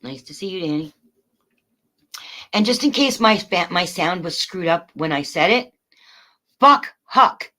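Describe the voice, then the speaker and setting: Woman streamer, angry rant to chat, profane, mocking, loud then quiet. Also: lowish voice, lively intonation, moderate pace, pauses often. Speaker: livestreamer.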